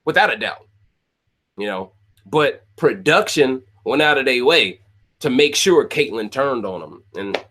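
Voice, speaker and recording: A podcast host recapping a reality show rants casually to his viewers, speaking to them directly. His medium-pitched voice is expressive, bright and forceful at a measured pace, and he's opinionated and prone to repeating phrases.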